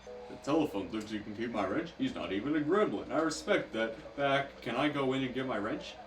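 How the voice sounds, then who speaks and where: A man's voice: mid-range voice, animated, brisk, faint music behind. Male gamer, jokey and rambling, mic set far off in a noisy, echoing room. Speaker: gamer playing the game. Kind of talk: casual let's-play chat. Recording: echoey, distant mic, noisy background.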